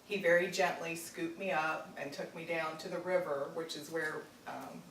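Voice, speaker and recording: A woman from Virginia telling a personal family story, halting with many fillers and restarts. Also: low voice, steady tone, fairly bright tone. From Virginia, United States. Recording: roomy echo, distant mic, faint noise.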